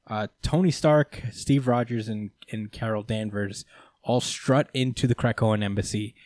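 A man's voice: on the low side, unhurried, darkish tone, no room sound. Laid-back man in a dry room. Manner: laid-back, loosely profane. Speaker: podcast co-host. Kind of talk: casual comic book discussion.

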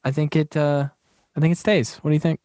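A man with a fairly high voice chats casually about a favorite film, laughing often and repeating his phrases. The sound is dry and close, with no room echo. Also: level tone, brisk, mellow. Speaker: podcast host. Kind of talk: casual movie chat.

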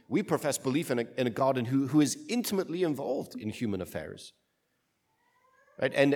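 A man, a priest, reading the gospel and then giving a homily in a conversational way, often asking "right?". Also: mid-range voice. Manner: conversational, asks rhetorical "right?". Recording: long reverb of a large room.

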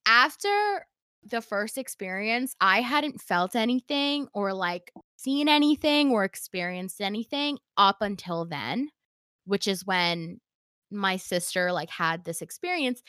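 A woman's voice: mid-range voice, clean tone, no echo, studio quality. A woman telling a story in casual chat, acting out the quoted lines with lots of "like" fillers. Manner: animated, acts out quoted dialogue, many "like" fillers.

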